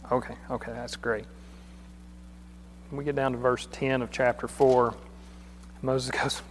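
A man's voice: mid-range voice, level tone, a little slow, long pauses, slight background noise. A man preaching a sermon in a church hall, talking in a plain conversational way and often repeating his words. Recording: long hall reverb.

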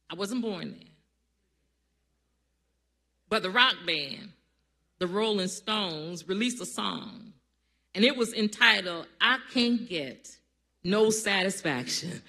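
Slow, bright-voiced preaching pastor. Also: medium pitch. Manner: call-and-response preaching, builds to loud emphatic peaks. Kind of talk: sermon. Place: church sanctuary.

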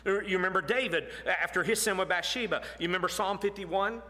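A man delivers a sermon with earnest, measured phrasing, often dropping low and quiet to drive a point home. His voice sits somewhat high for a man and sounds bright and forceful. The sound rings with the long reverb of a large hall. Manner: earnest, drops low and soft for emphasis, slow deliberate phrasing. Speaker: preacher.

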